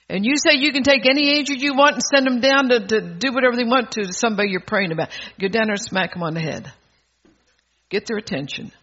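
A man's voice: very high voice, bright, forceful tone. An older man preaching a sermon, bold and exhorting, chuckling between phrases, on a dull lo-fi recording.

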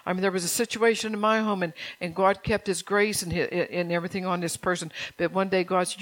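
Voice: mid-range voice, steady tone, fairly quick, hardly any pauses, fairly bright tone. A pastor preaching a stern, urgent sermon, repeating phrases and firing rhetorical questions at the congregation.

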